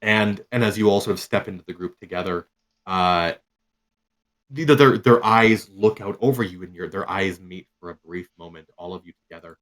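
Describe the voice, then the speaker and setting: A man's voice: sits low, normal speed, fairly bright tone. A man narrating a tabletop game as game master, loose and rambling with many fillers.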